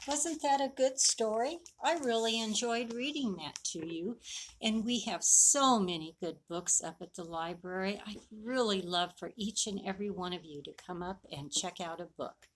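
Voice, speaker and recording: A woman reading a picture book aloud to children at a library storytime, slow and expressive. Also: mid-range voice, a little hiss or hum.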